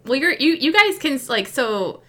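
A woman's voice: sits high, big pitch swings, measured pace, fairly bright tone. A woman narrating as game master, casual and full of filler words.

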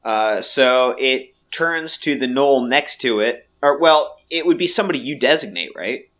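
A man narrating as game master in a relaxed way, with many fillers. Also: mid-range voice, a little slow, muffled recording.

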